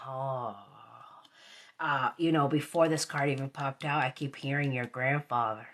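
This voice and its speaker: A woman's voice: rumbling low, steady tone, a little slow, fairly bright tone. A woman giving a live tarot reading, repeating her phrases and sometimes dropping into a whisper. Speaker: tarot reader.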